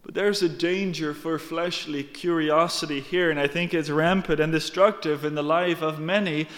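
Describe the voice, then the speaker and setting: Male preacher, emphatic sermon delivery, slightly high voice, long hall reverb. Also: steady tone, normal speed, a bit bright. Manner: emphatic, earnest, addresses congregation directly.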